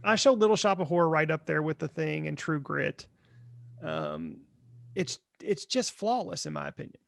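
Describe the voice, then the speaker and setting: A man's voice: on the high side, normal speed, vocal fry, a bit bright, dry recording. A man co-hosting a podcast, chatting casually about films, hesitant with many ums. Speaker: podcast co-host. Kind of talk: casual movie chat.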